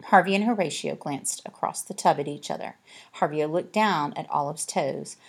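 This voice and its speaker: A woman narrating an audiobook in a measured, expressive way. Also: sits low, husky. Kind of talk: scripted narration.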